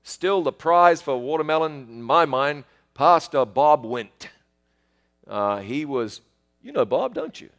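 A man chatting in a folksy, joking way, his pitch rising and falling a lot as he tells stories. He likes to repeat a phrase for emphasis, and his tone stays casual and anecdotal. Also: big pitch swings, takes it slowly, a bit bright. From outside the United States. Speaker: storyteller talking with a pastor.

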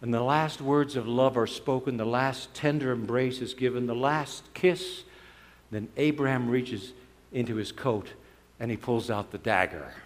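A man preaching a sermon as a dramatic story, swinging between loud and soft. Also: medium pitch, unhurried. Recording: long hall reverb.

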